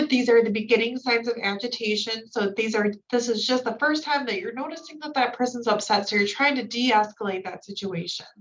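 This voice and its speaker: A woman's voice: on the high side, a bit bright, distant mic, muffled recording. A woman trainer going through slides in a recorded training lecture, explaining each point with casual fillers.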